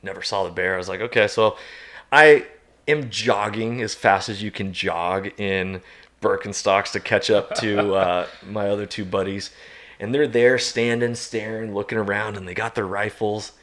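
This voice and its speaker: A man, a podcast guest, telling a long outdoor story in a lively way, laughing and jumping into loud high shouts as he acts it out. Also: moderate pace. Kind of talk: animated storytelling.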